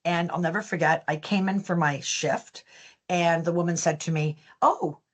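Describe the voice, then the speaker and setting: A woman's voice: lowish voice, normal speed. A woman, a business founder telling stories as a guest in an interview, acting out the dialogue as she goes. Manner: lively storyteller, acts out quoted dialogue. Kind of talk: storytelling in an interview.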